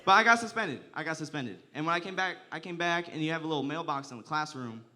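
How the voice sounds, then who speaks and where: Bright-voiced young man doing crude stand-up. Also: fairly high pitch, quick pace. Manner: crude, profane storytelling, often laughing through lines. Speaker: stand-up comedian. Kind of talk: stand-up comedy set.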